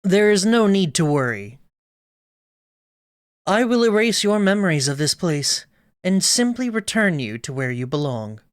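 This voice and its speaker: A man reading aloud the lines of a calm, commanding female goddess from a video game, in a lowered, solemn voice. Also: a little slow, pauses often, clear, resonant tone, no echo.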